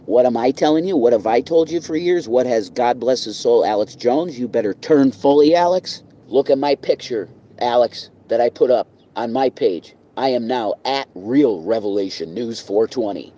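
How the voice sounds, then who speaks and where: A reverend talking casually outdoors in a rambling, profane, preachy rant. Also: male voice, mid-range voice, moderate pace, few pauses, dark tone, poor audio.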